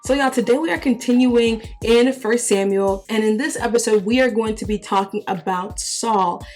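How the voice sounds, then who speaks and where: A young adult woman hosting, retelling Bible stories in a lively, slangy, conversational way. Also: fairly high pitch, normal speed, faint music behind. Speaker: host. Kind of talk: casual Bible storytelling.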